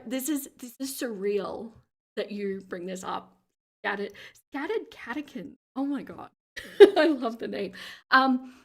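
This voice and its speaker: A woman with an Australian accent hosts a relaxed livestream, reading out viewer comments and answering them. Her voice sits a little high, with vocal fry when she drops into her lower register, and she laughs easily as she talks. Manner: chatty, laughs often, reads comments aloud. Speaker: livestream host.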